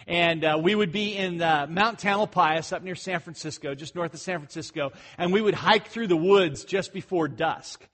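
A middle-aged man leads a Bible study with a slightly higher-than-usual voice. He talks loosely and conversationally, stopping to restart phrases and pose questions to the room. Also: normal speed, hardly any pauses, a bit bright. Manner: conversational, asks the listeners questions, many fillers and restarts. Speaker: pastor. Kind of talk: expository Bible teaching.

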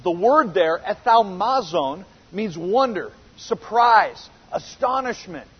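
Taking his time, a man with an expressive, high-pitched voice and a breathy edge leads a verse-by-verse Bible lesson. Earnest, he keeps asking rhetorical questions and restarting sentences. The sound is dull and lo-fi, echoing like a reverberant hall.

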